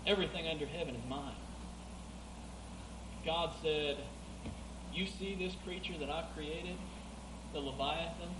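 A man preaching a sermon, reading scripture aloud, swinging between loud emphatic passages and quieter asides. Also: fairly high pitch, brisk. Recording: echoey room with clear background noise.

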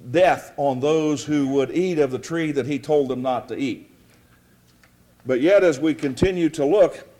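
A man preaching a sermon to a congregation in a folksy, relaxed storytelling way. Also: fairly high pitch. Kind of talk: sermon with a joke.

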